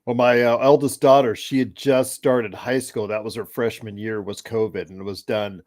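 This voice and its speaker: A man in his forties hosting a casual basketball chat, rambling with restarts and sudden excited outbursts. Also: medium pitch, normal speed. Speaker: host of a basketball chat show. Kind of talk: casual live game chat.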